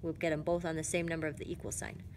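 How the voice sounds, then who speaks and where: A woman's voice: low-pitched, level tone, very fast, a little mellow, a little hiss or hum. A woman casually walking through math word problems, thinking aloud and correcting herself as she goes. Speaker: math explainer. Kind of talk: casual lesson walkthrough.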